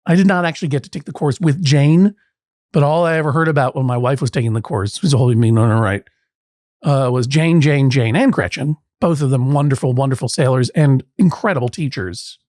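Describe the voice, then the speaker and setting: A man's voice: medium pitch, a little fast, a little mellow, no echo, clean studio sound. A man hosting a comic mock courtroom show, wry and playful with rambling asides. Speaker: podcast judge host.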